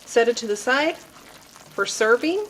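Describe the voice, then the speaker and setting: A woman's voice: fairly high pitch, animated, slow, fairly bright tone, a little hiss or hum. Giggly woman hosting a kitchen cooking demo. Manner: chatty, giggly, addresses viewers as friends. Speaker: cooking show host. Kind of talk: casual cooking demonstration. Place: home kitchen with frying food.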